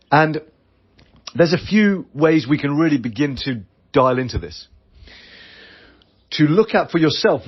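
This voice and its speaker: A man's voice: a little high, husky, dull audio. A British man hosting a solo business podcast, talking earnestly and acting out quoted voices. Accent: British English. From Britain. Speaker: podcast host. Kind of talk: solo podcast coaching talk.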